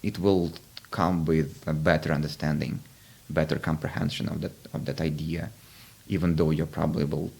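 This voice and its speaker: A man's voice: extremely low pitch, little pitch movement, normal speed, gravelly, hardly any pauses, darkish tone, husky. A man hosting a podcast interview, explaining ideas in a reflective, casual way with frequent restarts. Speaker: podcast host.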